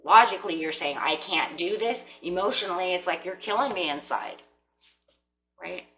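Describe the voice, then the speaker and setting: A woman's voice: fairly low pitch, expressive, normal speed, fairly bright tone, slight background noise, rough recording. A woman giving a tarot reading, speaking straight to her viewers and voicing imagined lines from the people she describes. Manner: speaks directly to viewers, acts out imagined quotes. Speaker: tarot reader.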